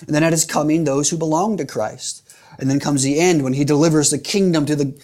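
A man's voice: on the high side, darkish tone. A man preaching a sermon in an earnest, emphatic way, repeating phrases for rhetorical weight.

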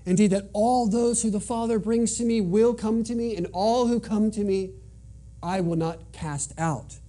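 A man's voice: sits high, moderate pace, mellow. A man preaching a sermon in an earnest, emphatic way, driving points home by repeating them. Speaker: pastor.

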